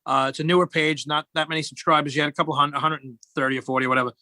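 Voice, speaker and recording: Middle-aged guy rambling and cracking jokes, dry close sound, kinda bright. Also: on the high side, steady tone, racing, dry recording. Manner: rambling, joking storyteller. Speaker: guest. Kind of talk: casual chat.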